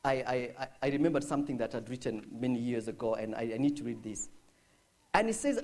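A man preaching a sermon, dramatic, dropping to hushed lines and rising to shouts as he acts out the quotes. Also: mid-range voice, animated, fast.

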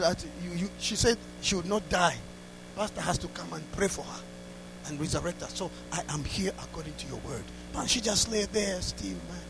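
A man preaching a sermon through a story, dropping to hushed asides and rising to loud exclamations. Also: high-pitched, vocal fry, noisy background. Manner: laughs between lines.

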